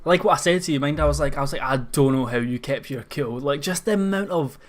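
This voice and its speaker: A young Scottish man chatting casually on a podcast. He is laid-back, swears freely and laughs easily at his friend's stories. His voice sits a little high for a man. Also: fast talker. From Scotland. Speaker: podcast co-host. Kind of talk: casual chat.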